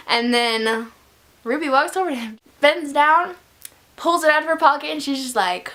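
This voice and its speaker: A woman's voice: high-pitched, normal speed. Gushing woman reviewing a book. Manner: gushing, excitable fan talk. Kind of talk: casual book review vlog.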